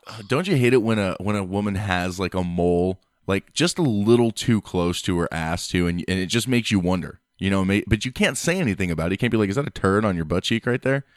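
Podcast guest, very low male voice, dry close sound, easygoing crude banter. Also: animated, brisk, few pauses, no room sound. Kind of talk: crude casual chat.

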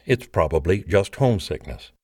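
A man's voice: low-pitched, lively intonation, moderate pace, darkish tone, slightly rough, dry recording, studio quality. A man voicing a stern, religious middle-aged father who scolds his son insistently in a storybook reading.

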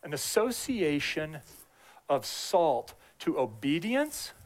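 A middle-aged man preaches in a relaxed, conversational way, circling back to repeat his key phrases. His voice sits a little higher than most men's. He drops in personal asides between the readings. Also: slow pace. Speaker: pastor. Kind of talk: sermon.

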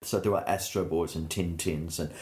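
A man, a painter, telling anecdotes in an animated way during an interview. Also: sits low, moderate pace. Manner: anecdotal, animated storytelling with laughs.

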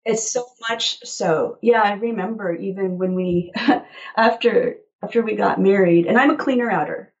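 A woman guest on an interview show, telling personal stories in an animated way and laughing often. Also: medium pitch, moderate pace, highs cut off. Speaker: guest author. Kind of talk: casual interview chat.

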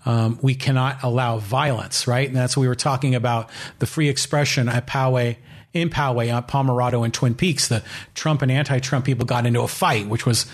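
A man's voice: medium pitch, steady tone, a little fast. A man hosting his own solo podcast, talking in an opinionated, rambling way with many fillers. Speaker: podcast host.

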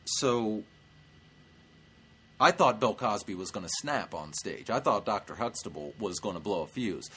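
A man's voice: lowish voice, expressive, measured pace, a bit bright, husky. A male stand-up comedian hosting his show, telling a story in a brash, profane way. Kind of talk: comic storytelling vlog.

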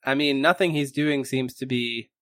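A man's voice: mid-range voice, normal speed, a bit bright, dry recording. A man narrates as game master of a tabletop game in a loose, casual way. He swears freely and fills his talk with ums and uhs. The recording is close and dry.

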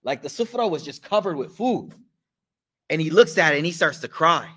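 A man's voice: fairly high pitch, very animated, moderate pace, fairly bright tone, slightly rough. A man giving a casual sermon to a live study circle, talking in slang, asking the audience questions and mixing in recited religious phrases. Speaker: teacher leading a study circle.

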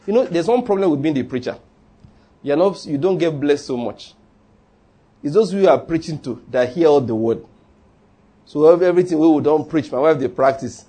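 A man's voice: fairly high pitch, animated, moderate pace, pauses often, warm tone, breathy edge. A man preaching a sermon in a church, humorous and conversational, leading the congregation in call-and-response. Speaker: pastor.

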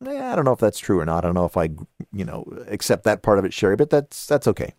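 A man's voice: on the low side, huge pitch swings, fast talker, darkish tone, no room sound, studio quality. A man with a Southern California accent hosting a podcast, reviewing a book casually and reading listener comments aloud with his own asides. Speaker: podcast host.

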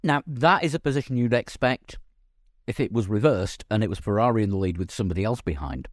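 A man from England co-hosting a motorsport podcast, wry and quick to laugh. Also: on the low side, no echo, studio quality. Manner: wry, lively, laughs easily. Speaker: podcast co-host. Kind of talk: casual chat.

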